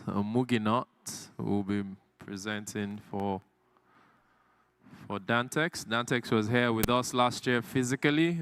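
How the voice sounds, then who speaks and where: A man's voice: mid-range voice, a bit bright, clear, resonant tone, no room sound. A man, emceeing a live industry event in a playful, teasing way. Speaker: event master of ceremonies.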